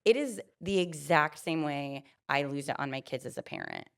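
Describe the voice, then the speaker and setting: A woman's voice: low voice, lively intonation, moderate pace, gravelly. A middle-aged woman hosting a podcast, joking playfully in casual chat. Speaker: podcast host.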